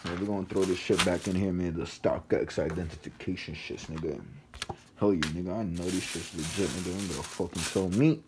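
A man's voice: sits low, steady tone, fairly quick, noisy background. A young man vlogging an unboxing, ranting in slangy, profane casual talk while he is sick.

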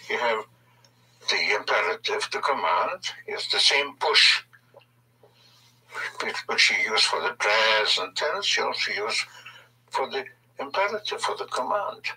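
A man gives a recorded language lesson, speaking slowly and with lively rises and falls in his pitch. His voice is bright and thin, quite husky, and sits away from the microphone on an old tape. He explains patiently and repeats key phrases for emphasis. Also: far from the mic, low-quality recording. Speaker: language teacher.

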